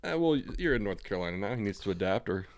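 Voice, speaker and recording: A man from California with a General American accent, co-hosting a podcast in a relaxed, profane, rambling way. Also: fairly low pitch, very fast, no room sound. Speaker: podcast co-host. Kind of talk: casual chat.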